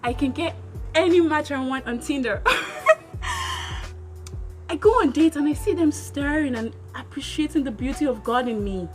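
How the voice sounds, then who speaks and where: A woman's voice: sits high, brisk. A woman from Nigeria, giving opinionated vlog commentary in an emphatic way, full of rhetorical questions. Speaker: vlogger. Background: background music.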